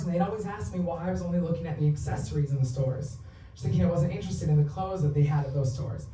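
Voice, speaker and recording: A woman's voice: lowish voice, warm tone, slight background noise. A woman in her thirties performing a candid, profane stand-up set, telling personal stories in a confessional way. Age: 30s. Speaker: stand-up comedian. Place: theatre stage. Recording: roomy, distant live theatre recording.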